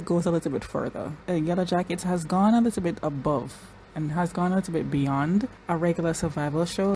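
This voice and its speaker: A woman's voice: fairly low pitch, dark tone, slight background noise, poor audio. A woman giving casual reaction commentary on a TV episode, chatty and talking straight to the characters, with frequent restarts and repeated words. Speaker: show reaction YouTuber.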